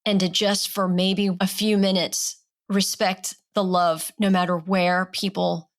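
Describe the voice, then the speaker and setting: A woman's voice: lowish voice, little pitch movement, measured pace. A woman guest on a podcast, a life coach talking in a heartfelt, emphatic way in casual conversation.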